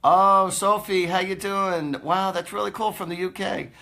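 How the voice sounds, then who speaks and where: A man's voice: high-pitched, steady tone, moderate pace, creaky, fairly bright tone. A man, a psychic host chatting casually on a live stream, rambling and laughing often.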